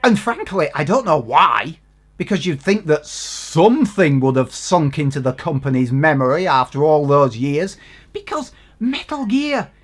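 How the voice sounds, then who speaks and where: A man's voice: on the high side, big pitch swings, measured pace. A man giving an exasperated, sweary, sarcastic rant in a game review.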